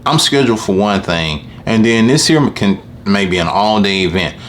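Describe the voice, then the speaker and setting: Man, low voice, casual animated rant, faint background noise. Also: normal speed. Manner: animated, complaining, acts out customers in high voices. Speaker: lawn care business owner.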